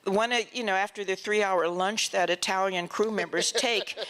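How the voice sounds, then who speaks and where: A woman telling lively stories as the honored guest in an onstage film festival Q&A. She laughs often and acts out other people's lines. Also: mid-range voice, normal speed. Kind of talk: onstage interview storytelling. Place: festival stage before an audience.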